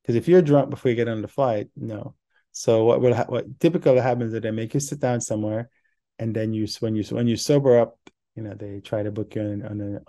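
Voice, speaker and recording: Man, podcast host, casual solo talk, rambling, lots of fillers, warm low-key tone. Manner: rambling, many fillers and restarts; acts out quoted voices in an anecdote.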